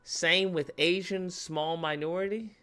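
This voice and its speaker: A man hosting a livestream, reacting to clips in casual, animated commentary and repeating his phrases. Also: sits high, measured pace, clear, resonant tone.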